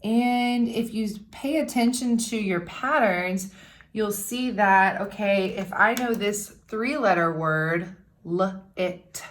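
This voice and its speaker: Woman teacher sounding out words patiently. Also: mid-range voice. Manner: patient, explains step by step, sounds out words slowly. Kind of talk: recorded remote classroom lesson.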